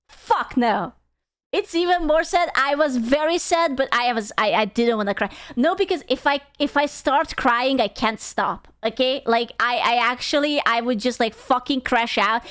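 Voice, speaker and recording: A woman's voice: a little high, fairly bright tone, clean tone. A woman streaming casually as she reacts to videos, talking bluntly, swearing freely and telling personal stories with little sung bits.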